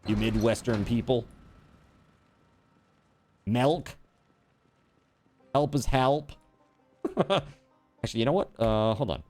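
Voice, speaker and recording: A man's voice: fairly low pitch, moderate pace, darkish tone, faint music behind. A man streaming a video game, chatting casually and teasingly with his viewers as he plays. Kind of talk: casual chat while gaming on stream.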